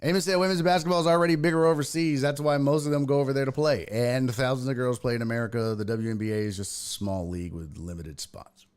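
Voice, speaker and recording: A man's voice: mid-range voice, fairly even intonation, quick pace, few pauses, a little mellow, clear, resonant tone. A man hosting a casual livestream sports talk show, swearing freely as he reads chat comments aloud and answers them.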